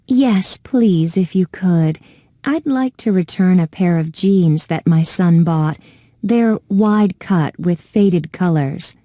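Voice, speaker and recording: A woman's voice: on the low side, slow pace, dark tone, no echo, clean studio sound. A woman playing an exasperated customer. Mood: frustrated. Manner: insistent, exasperated. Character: frustrated mother returning jeans.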